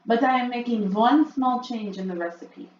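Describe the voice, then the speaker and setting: A woman playing a shrill, gloating witch leader. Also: moderate pace, close to an everyday voice. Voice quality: shrill, loud and emphatic. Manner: read-aloud storybook acting. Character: commanding female witch leader, gloating and imperious. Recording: muffled, echoey room.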